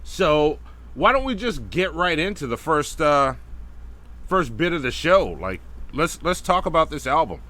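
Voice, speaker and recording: A man's voice: fairly high pitch, sing-song, measured pace, pushed and bright. A man co-hosting a casual livestream talk show, joking loosely and laughing often. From New Orleans, Louisiana. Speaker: podcast co-host.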